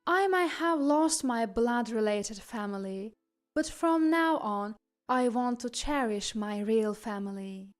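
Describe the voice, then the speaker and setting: A woman narrates a story slowly and gently, her voice sitting fairly high. Faint music plays underneath. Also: animated.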